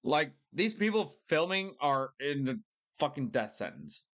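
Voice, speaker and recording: A young man doing casual live-stream commentary, rambling excitably and swearing a lot. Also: on the high side, a little slow. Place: lives in a city in Missouri.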